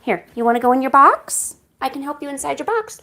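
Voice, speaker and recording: A woman streamer chats to her cats between drawing sessions, coaxing and teasing them. Her voice sits high and swings widely, with a gravelly fry in the quieter moments. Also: expressive, fairly quick. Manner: coaxing and playful with pets, soft asides. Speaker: art streamer.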